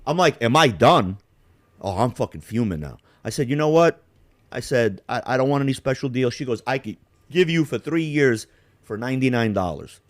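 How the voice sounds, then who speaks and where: A middle-aged man from Yugoslavia tells a story in loose, profane chat, his pitch jumping all over as he acts out each side of an argument. The sound is dry and close. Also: moderate pace, dry recording. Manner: animated, profane, acts out both sides of a phone call. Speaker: podcast co-host.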